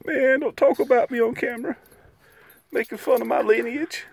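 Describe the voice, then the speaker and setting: A man voicing his small, touchy terrier-mix dog in a high, squeaky, grumbling voice. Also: fairly even intonation, normal speed, vocal fry, husky, full character voice.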